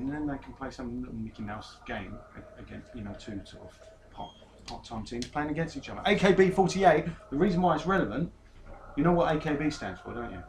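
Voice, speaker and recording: A man's voice: medium pitch, a little hiss or hum. A man hosting a casual football podcast, teasing his guest and reading out transfer news. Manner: jokey, teasing, reads out player news. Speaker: podcast host.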